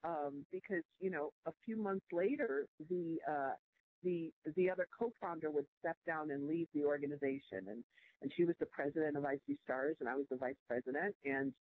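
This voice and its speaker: A woman's voice: sits low, normal speed. Woman telling a story over a phone-like line. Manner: animated, with many fillers and restarts. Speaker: podcast guest, nonprofit president. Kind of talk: storytelling in a podcast interview. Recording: dry, phone-like call audio.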